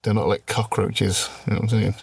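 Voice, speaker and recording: A man's voice: lowish voice, little pitch movement, brisk, gravelly, husky, no echo. A man and podcast co-host, riffing in playful, absurd banter. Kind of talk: casual comedic banter.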